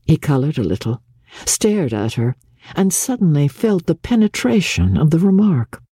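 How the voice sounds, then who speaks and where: A woman narrating a classic novel in an expressive, theatrical dramatic reading, recorded on a close studio mic. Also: low-pitched, moderate pace, breathy edge, no room sound.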